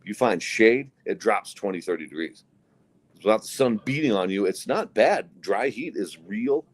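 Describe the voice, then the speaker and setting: A man's voice: on the low side, animated, normal speed, breathy edge. A man co-hosting a casual podcast, trading sardonic, drawling banter. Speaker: podcast co-host. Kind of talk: casual chat.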